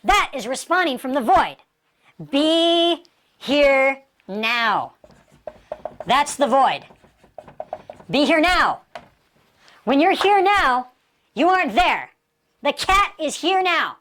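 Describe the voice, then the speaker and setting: A woman's voice: sits high, sing-song, slow, pauses often, fairly bright tone. A woman giving a motivational martial arts lecture, emphatic, asking rhetorical questions and repeating key phrases.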